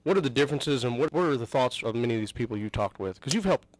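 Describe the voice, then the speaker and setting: A man's voice: mid-range voice, animated, quick pace, dry recording, poor audio. A man hosting an interview, explaining and asking questions earnestly. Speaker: host.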